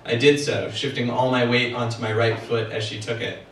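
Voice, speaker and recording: Author reading aloud in an echoey room. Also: male voice, medium pitch, little pitch movement, distant mic, a little hiss or hum. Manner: measured first-person narration. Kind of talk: reading his novel aloud. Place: event room for a book party. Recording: echoey room, heard from afar.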